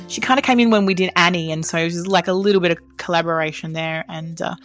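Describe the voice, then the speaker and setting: A woman's voice: lowish voice, fast, a bit bright, soft background music. A woman co-hosting a podcast, an opera soprano chatting in a playful, mischievous way. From Australia. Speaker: podcast co-host, opera singer. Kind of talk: casual chat.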